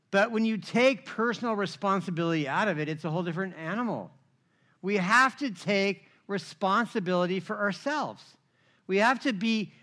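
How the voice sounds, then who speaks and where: Middle-aged man, pastor, sermon, high voice, bright tone, animated storytelling, acts out quoted voices. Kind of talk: sermon with personal testimony.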